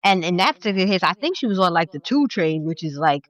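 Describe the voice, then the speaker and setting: A woman from New York, a podcast guest, telling stories in an animated, emphatic way. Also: lowish voice, fast, no echo, lo-fi sound. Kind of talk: casual conversation.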